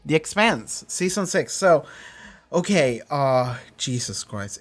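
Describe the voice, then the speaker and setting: A man's voice: medium pitch, big pitch swings, slow pace, pushed and bright. A man hosting a reaction channel, chatting casually in a rambling way, correcting himself often, laughing and swearing easily. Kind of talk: casual chat.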